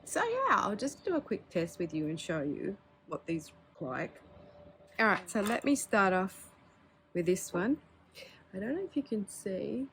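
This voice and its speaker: A woman pen hobby vlogger does a casual show-and-tell of her pens, chatting candidly with filler words and small laughs. Her mid-range voice is sing-song, unhurried, and a bit bright. Slight background noise is present.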